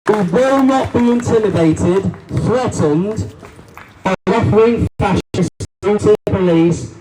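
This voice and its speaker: A man's voice: high-pitched, lively intonation, slow. A man giving a rousing political rally speech, repeating lines and calling the crowd guys. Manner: forceful, repetitive, rousing, addresses crowd as guys. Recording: distant voice with faint crowd noise.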